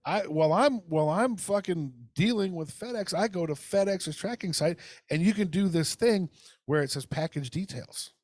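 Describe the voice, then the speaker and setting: A man's voice: high-pitched, moderate pace, a little mellow, no room sound, clean studio sound. A man co-hosting a casual podcast, telling a heated, profane story and acting out phone calls. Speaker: podcast co-host. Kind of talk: casual ranting podcast chat.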